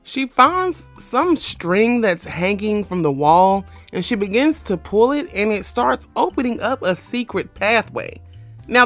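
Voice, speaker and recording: Animated, slangy woman recapping a horror movie. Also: mid-range voice. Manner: animated, slangy and profane, acting out characters. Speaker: movie review vlogger.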